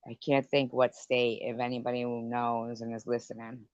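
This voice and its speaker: A woman's voice: a bass voice, level tone, moderate pace, darkish tone, no echo, muffled recording. A woman hosting a late-night live stream chat, telling stories in a profane, rambling rant. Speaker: livestream host.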